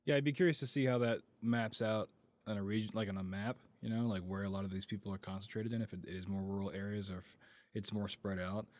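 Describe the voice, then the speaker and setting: Fast-talking, low-voiced man with wry asides. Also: steady tone. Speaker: podcast co-host, radio producer. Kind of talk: casual podcast chat.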